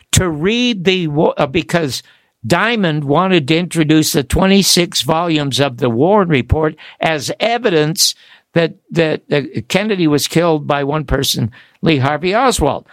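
An older man, a book author, telling animated stories as a guest on a radio talk show, acting out the voices of the people he quotes. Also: on the high side, no echo.

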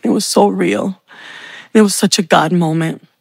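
Woman telling her faith story real slow, bit of vocal fry, dry close sound. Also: on the low side, dry recording. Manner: heartfelt, slow storytelling with pauses. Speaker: speaker sharing testimony. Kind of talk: personal faith testimony.

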